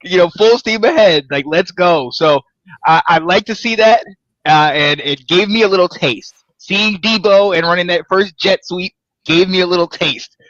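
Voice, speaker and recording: A man hosts a casual sports show in a bright, somewhat high voice. He rambles with energy, stacking one thought on the next. The sound is dry and a little dull. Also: no room sound. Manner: energetic, rambling, pitch jumps when excited. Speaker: podcast host.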